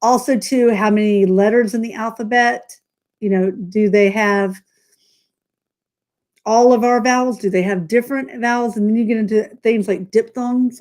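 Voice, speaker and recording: A woman with a light Southern US drawl hosting a casual live chat, talkative and quick to laugh at herself, heard over a video call. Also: medium pitch. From Southern United States. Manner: chatty, laughs often, self-mocking. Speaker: host.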